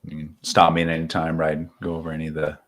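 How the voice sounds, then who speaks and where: A man's voice: extremely low pitch, monotone, rapid-fire. A man playing a tabletop role-playing game, talking casually about his character's moves. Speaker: player.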